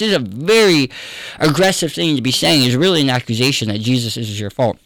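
A pastor telling a personal story in an interview, candid and earnest. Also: male voice, mid-range voice, lively intonation, brisk, a bit bright. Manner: candid, earnest, conversational with fillers.

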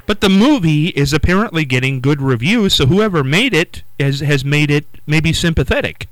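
A man's voice: on the high side, lively intonation, moderate pace, dry recording, rough recording. A man hosting a talk show, prompting his guest with hesitant questions. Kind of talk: casual interview chat.

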